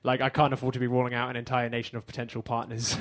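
A man with an English accent doing a stand-up set on a theater stage, with a dry, deadpan delivery. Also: mid-range voice, very fast. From England. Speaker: stand-up comedian.

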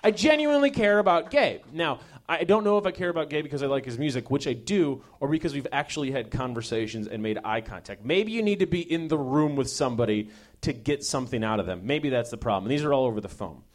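A man's voice: mid-range voice, animated, fast. A young man hosting a show, delivering a sarcastic, profane comedic monologue that swings between mock outrage and mumbled asides. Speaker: host.

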